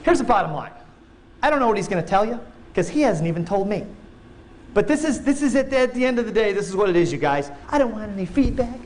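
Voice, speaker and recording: A man's voice: high-pitched, sing-song, quick pace, darkish tone, a little hiss or hum. A man giving a keynote speech in a convention hall, telling a playful story, laughing often and mimicking others. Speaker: keynote speaker.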